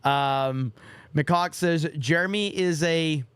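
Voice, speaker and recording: A hoarse man hosting a live stream sits close and dry on the mic, his voice pitched a little high yet smooth underneath the strain. He rambles through viewer messages, reading them out and tossing off quick asides. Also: a bit bright, dry recording. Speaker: livestream host.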